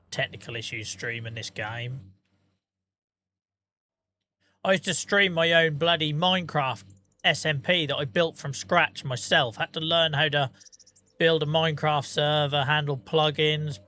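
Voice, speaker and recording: A man's voice: a little high, steady tone, moderate pace, pushed and bright. A tired man, chatting casually to viewers on a game livestream and telling rambling, sweary stories. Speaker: streamer.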